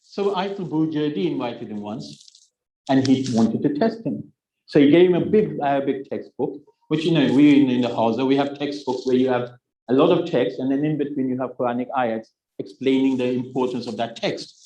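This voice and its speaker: A man's voice: mid-range voice, normal speed, warm tone, roomy sound, rough recording. A man in his sixties giving a Muharram sermon, telling a story, acting out its dialogue and adding joking asides to the audience. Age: 60s. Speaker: religious speaker.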